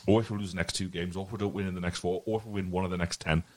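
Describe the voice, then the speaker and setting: A man with a low, steady voice fires off his earnest football opinions rapidly as a podcast host, rambling and repeating himself. The audio has no room sound.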